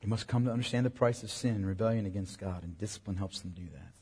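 Male pastor, husky, earnest sermon delivery, long church-hall reverb. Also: on the low side, quick pace, warm tone. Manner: earnest, emphatic preaching to parents.

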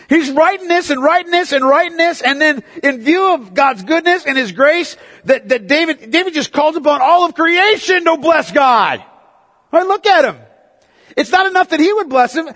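A man preaching a sermon as pastor, swinging between quiet, low reflection and loud, excited exhortation. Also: moderate pace. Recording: long hall reverb.

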